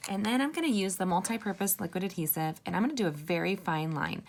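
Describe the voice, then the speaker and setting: Chatty woman, gravelly low voice. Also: quick pace, slight background noise. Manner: chatty, upbeat, addresses viewers as "you guys" and "sisters". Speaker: card-making instructor. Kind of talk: casual crafting tutorial.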